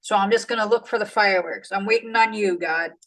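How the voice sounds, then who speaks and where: A woman's voice: medium pitch, fairly quick, a bit bright, poor audio. A woman voicing a sulking, slangy Jonah. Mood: sulky. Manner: slangy, casual, whiny. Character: exasperated, sulking male prophet Jonah.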